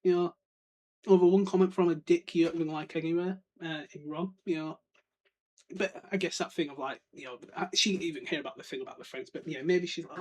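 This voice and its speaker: A man's voice: fairly high pitch, steady tone, a little fast. A man hosting a podcast, chatting casually through a book chapter, laughing often and slipping into silly character voices. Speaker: podcast host. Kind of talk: casual book breakdown chat.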